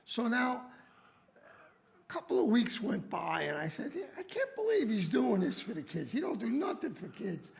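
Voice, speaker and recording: This man has a high, gravelly voice that swings widely as he tells old school stories. He gets loud and indignant at the punchlines, in a relaxed podcast chat. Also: normal speed. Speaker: guest, former school principal. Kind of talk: casual storytelling chat.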